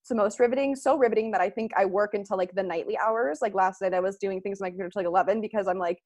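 A woman's voice: medium pitch, rapid-fire, a little mellow, no echo. A young woman in her twenties hosting a casual podcast chat with friends, giggly and chatty with lots of filler words. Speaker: podcast host.

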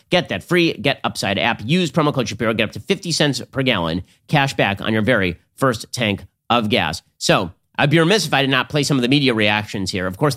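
Man, political commentary host, rapid-fire, sardonic, argumentative. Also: mid-range voice, fairly bright tone. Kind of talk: fast political commentary and read ad.

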